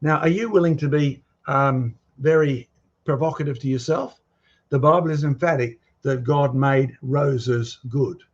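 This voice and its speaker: A man's voice: mid-range voice, unhurried. A man giving an emphatic creationist presentation, challenging his audience with questions. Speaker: creationist speaker. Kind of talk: presentation lecture. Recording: muffled lo-fi recording.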